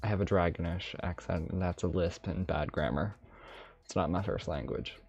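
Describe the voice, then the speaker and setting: A man's voice: low-pitched, normal speed, a little mellow, slightly rough. A man voicing an ancient, mischievous male dragon mage with a lisp and a put-on dragonish accent, rambling playfully on a live stream. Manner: rambling, playful, self-amused asides. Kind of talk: in-character live stream chat. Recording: slightly dull stream audio, faint music.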